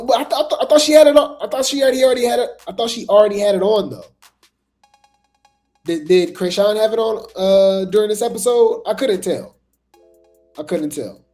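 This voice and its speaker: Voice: medium pitch, warm tone. A host giving casual commentary, rambling with lots of fillers, repeated words and chatty asides to viewers.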